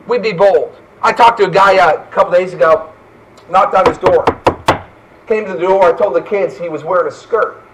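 A man's voice: high voice, moderate pace, a bit bright, distant mic, poor audio. A man preaching a fervent sermon as pastor, often tossing in "right?" asides.

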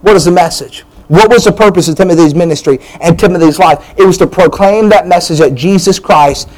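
A pastor delivering a sermon in a fairly high voice for a man. He preaches with emphasis, hammers points through repetition and often stumbles and restarts mid-phrase. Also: a little fast, poor audio.

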